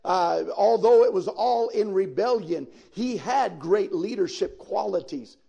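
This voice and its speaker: A man's voice: high voice, animated, a little slow, gravelly, dark tone, husky. A man preaching a sermon as pastor, speaking directly to his listeners and swelling into sudden emphatic peaks. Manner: folksy, addresses listeners directly.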